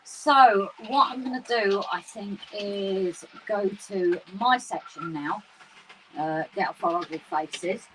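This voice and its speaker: A woman co-hosting a casual livestream from a garden shed, talking excitedly and laughing often. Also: medium pitch, slow pace. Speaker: livestream co-host. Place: garden shed with model railway. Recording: slightly distant mic with faint room noise.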